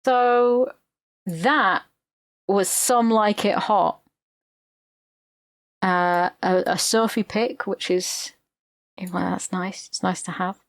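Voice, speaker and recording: A woman's voice: medium pitch, takes it slowly, pauses often, no room sound. A woman, co-hosting a podcast and retelling a film plot in casual chat, swearing freely. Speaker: podcast co-host.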